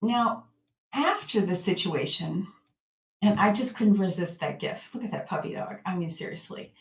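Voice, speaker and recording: A woman teaching self-help in a gentle, reflective way, sometimes acting out her own inner thoughts. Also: medium pitch, lively intonation, moderate pace. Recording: echoey room, voice off-mic.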